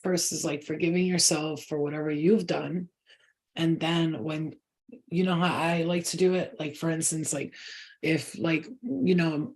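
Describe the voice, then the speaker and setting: A woman giving a casual channeled spiritual reading to her viewers, talking in a rambling, chatty way and swearing now and then. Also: fairly low pitch. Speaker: spiritual reader.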